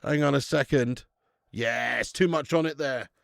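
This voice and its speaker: A man's voice: mid-range voice, measured pace, gravelly, no echo, clean studio sound. A young man hosting a live football watch-along, cheering, swearing and chatting with his viewers. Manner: excitable, swearing, banter with chat. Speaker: fan channel host.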